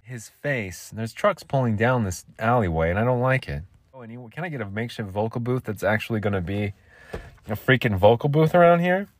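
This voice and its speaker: A man rambles through a solo podcast in a goofy, jokey way. His voice sits on the low side, and the sound is dry and close, as if from a makeshift home vocal booth. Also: brisk, no echo. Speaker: podcast host.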